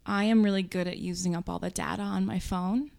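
A woman's voice: medium pitch, steady tone, brisk, vocal fry, a little mellow. A woman in her twenties chatting casually, self-mocking and laughing often. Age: 20s. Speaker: panel guest. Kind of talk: casual group chat.

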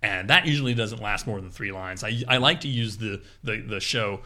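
A man chatting casually on a podcast about improv, animated and quick to laugh. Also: on the low side. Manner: animated, laughs often, jumps into playful quoted voices. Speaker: improv performer, podcast guest.

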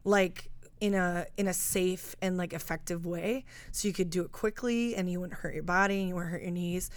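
A woman's voice: on the low side, steady tone, normal speed, dry recording. Casting: young adult woman, casual podcast guest, chatty, restarts a lot, dry recording. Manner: rambling, self-interrupting storyteller. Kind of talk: casual chat.

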